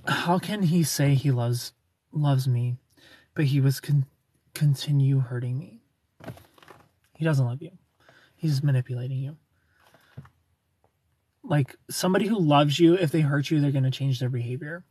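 A man's voice: mid-range voice, unhurried, long pauses, darkish tone, breathy edge, no room sound. A tired man live streaming from an airport on his phone, rambling casually as he answers chat and thanks new followers. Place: airport terminal.

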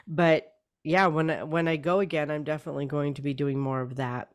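A woman author talking in a casual interview, hoarse and losing her voice, often clearing her throat and repeating words as she thinks. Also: low-pitched, fairly even intonation, moderate pace. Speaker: author guest.

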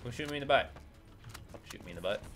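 A man's voice: mid-range voice, animated, racing, noisy background. A man doing let's play commentary, swearing and complaining at the game as he plays. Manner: profane, exasperated, yelling at the game. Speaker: gaming YouTuber.

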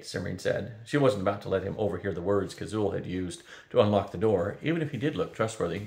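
An older man, a grandparent, reading a children's novel aloud in a steady, gentle narrating voice. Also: low voice, fast talker, vocal fry, few pauses. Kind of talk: storybook read-aloud. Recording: roomy echo.

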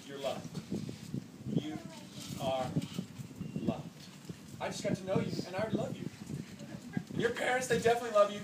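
In a big indoor pool hall, a forties-aged coach fires off a rapid, high-pitched motivational speech to kids at a swim clinic, earnest and animated, dropping quiet before bursting loud. The recording is echoey, distant, and noisy.

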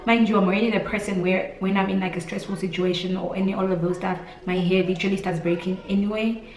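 A woman's voice: medium pitch, fairly even intonation, fast talker, darkish tone. A young woman with a Namibian accent gives an intimate heart-to-heart vlog talk, emotional and close to tears, rambling with lots of "like" and "literally". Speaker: beauty vlogger. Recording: roomy echo, distant mic, faint music.

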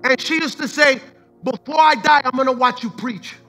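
A man's voice: very high-pitched, normal speed, fairly bright tone, faint music behind. A man preaching a sermon as pastor, fervent and repetitive, mixing in street slang and the odd line of Spanish.

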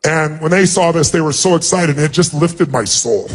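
A man giving a motivational speech, telling a personal story with emotional, animated delivery and a husky voice. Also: normal speed. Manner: emotional, animated storytelling, rising in pitch when stirred. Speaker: motivational speaker.

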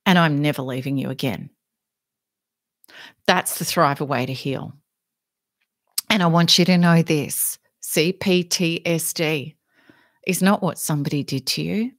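A woman's voice: sits low, unhurried, no echo, clean studio sound. A woman giving a live, earnest self-help talk. She speaks emphatically and leans on analogies to make her points.

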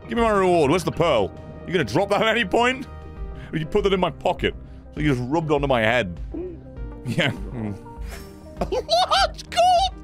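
A man giving profane, excitable let's play commentary, often yelling at the game. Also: fairly high pitch. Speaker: gaming channel host.

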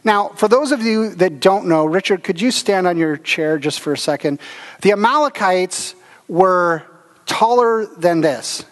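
A man with a fairly high voice preaches to his congregation in a relaxed, storytelling way. He leans on fillers and little laughs as he walks through the passage and stays friendly and conversational. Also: a little slow, big-room sound. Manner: conversational, anecdotal preaching with chuckles and filler words. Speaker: pastor. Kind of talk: sermon. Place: church service.

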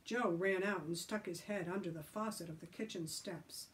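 A woman who reads a chapter book aloud for a library, in slow, steady storytelling. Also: lowish voice. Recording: voice from a distant mic.

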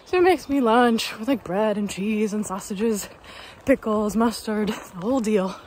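A woman's voice: medium pitch, a little slow, a little mellow, a little hiss or hum. A young woman from Canada chatting upbeat to her camera outdoors on a hiking trail, telling a story with lots of fillers. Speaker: hiker vlogger. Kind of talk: casual chat to camera.

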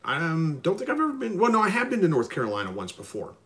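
A man hosting a live stream, reading viewer comments and answering them in a relaxed, rambling way with lots of ums. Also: a little high, quick pace. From Missouri. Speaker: livestream host answering viewer questions. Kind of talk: casual live chat, reading comments aloud.

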